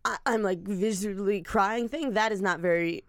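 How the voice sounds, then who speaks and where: A woman in casual podcast chat, speaking in a measured, dry way with quoted asides. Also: medium pitch, dry recording.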